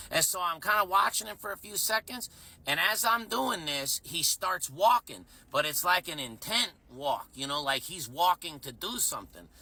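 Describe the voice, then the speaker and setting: Bright-voiced profane bartender telling a story. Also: male voice, on the high side. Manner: profane, rambling, self-mocking. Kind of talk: casual storytelling.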